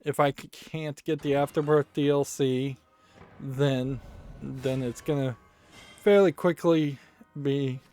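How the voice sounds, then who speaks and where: A man's voice: mid-range voice, steady tone, slow, dark tone, soft background music. A man giving casual commentary while playing a card game, rambling and thinking aloud and often correcting himself. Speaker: let's play host.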